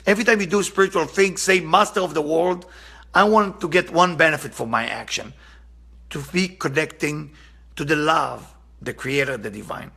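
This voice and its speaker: Gravelly, husky man teaching Kabbalah. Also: on the high side, sharp tone. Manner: earnest, impassioned, repeats for emphasis. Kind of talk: spiritual lesson with storytelling.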